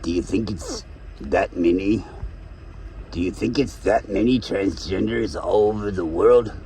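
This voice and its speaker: A man's voice: deep voice, a little slow, warm tone, a little hiss or hum, rough recording. A man vlogging on a walk outdoors with his dogs, rambling and joking, breaking off to talk to his dog. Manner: rambling, jokey, talks to his dog mid-sentence. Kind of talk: rambling casual talk to camera.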